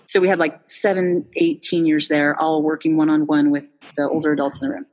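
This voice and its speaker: Husky-voiced woman telling animated stories. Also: low voice, a little fast, in a large hall. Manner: animated storyteller, many restarts and fillers. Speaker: founder and interview guest. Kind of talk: casual conversational interview.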